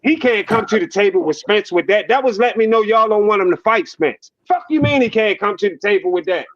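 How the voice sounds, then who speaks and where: A man's voice: high-pitched, lively intonation, fairly quick, lo-fi sound. A man co-hosting a boxing talk show, ranting in a heated, profane casual debate with rhetorical questions. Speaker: boxing podcast co-host.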